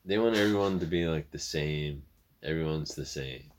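Easygoing guy with a really deep voice, casual podcast chat, short agreeable replies. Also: moderate pace. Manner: laid-back, agreeable, short replies and jokes. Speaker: podcast co-host.

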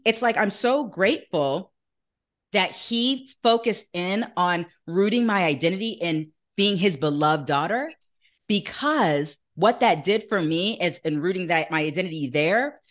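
A woman guest on an interview podcast, telling a personal faith story in an earnest, animated way and acting out the voices she quotes. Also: lowish voice. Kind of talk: conversational testimony in an interview.

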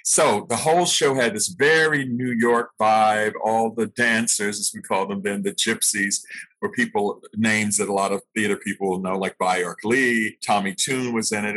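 Older man recalling his stage-school days, husky. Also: on the low side, fairly bright tone, low-quality recording. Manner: reflective, anecdotal, laughs at himself. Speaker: interview guest, actor. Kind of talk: storytelling in an interview.

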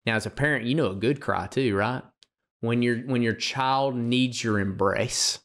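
A man's voice: mid-range voice, moderate pace, a bit bright. A man co-hosting a faith podcast, talking earnestly in a preaching style and often repeating words as he starts a thought. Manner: emotional, gets choked up. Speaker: podcast co-host.

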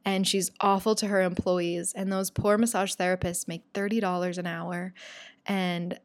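A young woman hosting a talk show, chatty and animated, retelling a story with quoted voices in casual storytelling. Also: fairly low pitch, moderate pace, no room sound.

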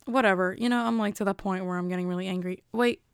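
Gravelly young woman rambling to camera. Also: mid-range voice, steady tone, fast talker, dry recording, studio quality. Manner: rambling, self-interrupting, chatty. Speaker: vlogger. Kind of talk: casual rambling chat to camera.

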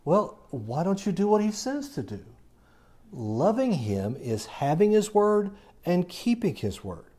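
A man's voice: high-pitched, sing-song, unhurried, warm tone. A man preaching a sermon, talking conversationally, telling jokes and reading scripture aloud. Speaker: pastor.

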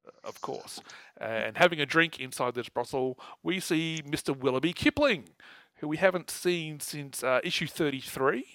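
A man's voice: fairly high pitch, expressive, moderate pace, fairly bright tone, dry recording, rough recording. A man co-hosting a podcast, recapping comic issues in casual chat with wry asides and frequent laughter. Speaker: podcast co-host.

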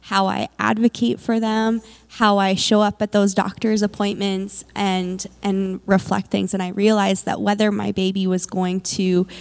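A woman's voice: mid-range voice, vocal fry, a little mellow. A woman, a mother, tells her personal faith testimony candidly, with plenty of fillers. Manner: candid storytelling with many fillers.

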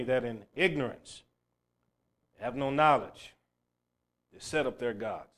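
A man preaching a sermon who swings between loud, emphatic bursts and low, quiet passages, and tells stories along the way. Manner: storytelling, acting out a crying child's shouts.

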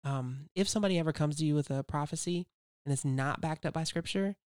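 A man with a Southern US accent co-hosting a casual faith podcast, telling stories with lively acted-out quotes. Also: on the high side, fast, smooth, no room sound, studio quality. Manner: animated storyteller, acts out quoted speech. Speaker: podcast co-host.

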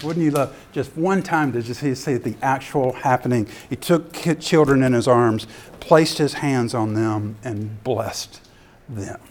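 A man giving a sermon-style ministry talk as an animated storyteller who acts out scenes. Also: mid-range voice, unhurried. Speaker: ministry speaker.

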